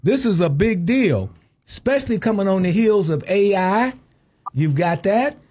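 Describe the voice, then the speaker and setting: A man hosting a call-in radio talk show, arguing forcefully and cutting in with repeated objections. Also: high voice, animated, a little slow, husky. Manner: forceful, interrupts, repeats himself. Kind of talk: heated call-in debate. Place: radio studio.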